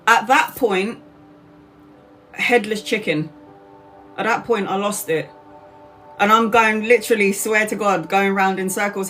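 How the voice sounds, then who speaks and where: A woman in her forties talks straight into her phone on a live stream. She curses freely and breaks off to greet viewers by name, speaking at a mid pitch with faint music playing behind her. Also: steady tone, normal speed, long pauses, a bit bright. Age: 40s. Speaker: tarot reader hosting a live stream. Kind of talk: casual live-stream storytelling.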